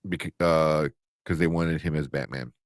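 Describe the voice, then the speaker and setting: Speaking in a bass voice with fairly even intonation and a measured pace, a man co-hosts a live entertainment news show. His chat is casual, and he laughs while reading out viewer comments. The audio is studio quality, with no echo.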